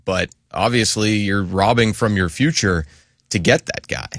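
A relaxed, opinionated man co-hosting a sports chat, leaning on "like" and "I mean" as he talks. His voice sits low, and the sound is dry and close. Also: measured pace, dry recording. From western Pennsylvania. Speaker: sports talk show co-host.

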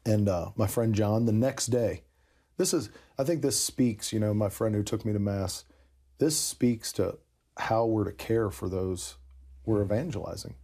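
Guy telling his story, kinda low husky voice, mellow, says you know a lot. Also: a little slow. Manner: earnest, reflective, with frequent "you know". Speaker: podcast guest telling his conversion story. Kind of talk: casual storytelling conversation.

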